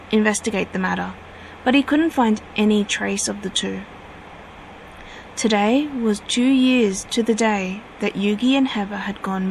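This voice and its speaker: A woman reading her own fanfiction aloud at a steady pace, now and then correcting herself. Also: medium pitch, vocal fry, a little hiss or hum, low-quality recording.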